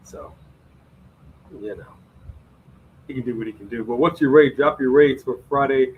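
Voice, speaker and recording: A man's voice: mid-range voice, moderate pace, slightly rough, phone-quality sound. Playful man co-hosting a live stream. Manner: playful, teasing, reads out viewer ratings. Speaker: live-stream co-host reading chat. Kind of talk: casual live-stream chat.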